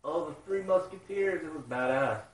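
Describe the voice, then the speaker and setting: Excitable man reacting to a manga. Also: fairly high pitch, moderate pace. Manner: excitable, swears a lot, loud outbursts. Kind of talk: live reading reaction. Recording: roomy sound, mic at a distance.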